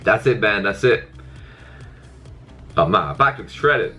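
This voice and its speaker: A man's voice: fairly low pitch, expressive, unhurried, sharp tone, soft background music. A young man casually explaining his arm workout in a gym, coaching and swearing freely. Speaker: fitness vlogger.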